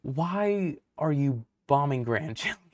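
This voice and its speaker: A man's voice: fairly high pitch, animated, slow pace, no room sound. A young man vlogging to camera, ranting heatedly and rambling, with many fillers and swearing.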